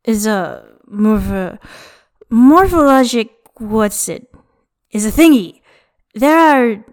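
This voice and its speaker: A woman's voice: medium pitch, close to an everyday voice. A woman voicing a young male snake spirit, drunk, wry and self-pitying.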